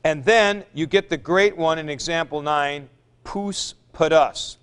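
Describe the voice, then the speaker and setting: A man's voice: on the high side, unhurried, fairly bright tone, smooth. A man teaching a classroom lecture, patiently explaining step by step and repeating forms aloud at the board. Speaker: Greek teacher.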